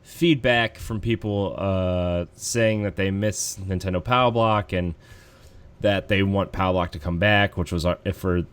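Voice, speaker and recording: A man's voice: low voice, unhurried, clean tone. A man hosting a casual gaming podcast, rambling easily with plenty of fillers. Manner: relaxed, rambling, lots of fillers. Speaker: podcast host.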